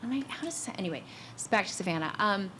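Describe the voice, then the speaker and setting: A middle-aged woman talks in a chatty, enthusiastic way, often poking fun at herself. Her pitch sits in a middle range. A faint hum of room noise runs underneath her voice. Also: expressive, fast. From Georgia, US. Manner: chatty, enthusiastic, self-deprecating. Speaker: guest actor on a convention panel. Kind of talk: casual panel chat.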